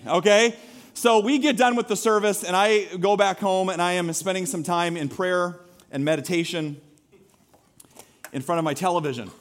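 A man preaching a sermon to his congregation, animated and conversational, asking the crowd questions and poking fun at himself. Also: sits high, moderate pace. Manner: animated, conversational, self-mocking humor with audience questions. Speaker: pastor. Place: church sanctuary.

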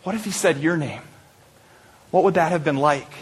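A male pastor with a rather high, slightly rough voice delivers an Easter sermon as a vivid story at a moderate pace, pausing often. He pulls listeners into the scene, sometimes sinks to a hushed, intimate tone, and slips in lighthearted asides.

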